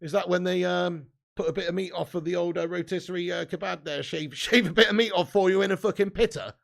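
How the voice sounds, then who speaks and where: A gravelly, fry-laden English man hosts a live football watch-along, voice pitched a little high for a man. He banters with his chat, reads comments aloud and laughs often. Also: fairly even intonation, quick pace. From England. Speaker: live stream host.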